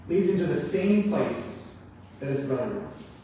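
A man's voice: a little high, sing-song, measured pace, warm tone, a little hiss or hum. Man preaching in an echoey hall. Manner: earnest, expository, asks rhetorical questions. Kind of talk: sermon. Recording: echoey hall, mic far off.

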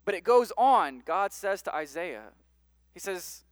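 A man's voice: high-pitched, very animated, unhurried, no echo. A man preaching a sermon, reading scripture aloud and then explaining it in a conversational way. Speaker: pastor.

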